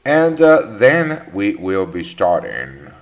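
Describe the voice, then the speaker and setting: A man's voice: lowish voice, wildly swooping pitch, slow pace. A man hosting a live trading webinar, chatting casually, greeting viewers by name with many fillers and restarts. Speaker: trading session host.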